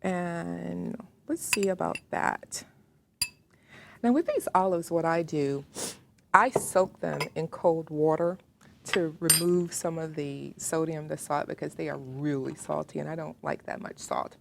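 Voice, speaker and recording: A woman with a Southern accent leads a home cooking demonstration, talking slowly and warmly to the viewer in her own kitchen. Her voice sits a little low, and she chats along as she works. Faint background noise comes through the recording. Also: vocal fry. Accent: Southern American. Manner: chatty, talks to the viewer while working. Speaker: cooking show host.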